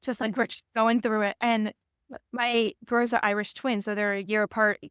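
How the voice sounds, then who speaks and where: A woman's voice: fairly high pitch, little pitch movement, moderate pace, a bit bright, clear, resonant tone, no echo, clean studio sound. A woman hosting a podcast, talking in a loose, rambling way with many restarts. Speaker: podcast host. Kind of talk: casual conversation.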